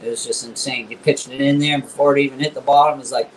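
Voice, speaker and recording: Male guest angler, average pitch, animated storytelling, faint room noise. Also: quick pace, low-quality recording. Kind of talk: casual fishing chat.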